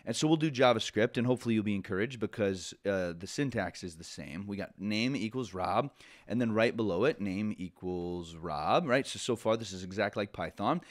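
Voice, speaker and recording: Speaking fairly quickly in a lowish voice with lively intonation, this man teaches programming in a relaxed lecture. He keeps restarting sentences to correct himself and sprinkles in many asides.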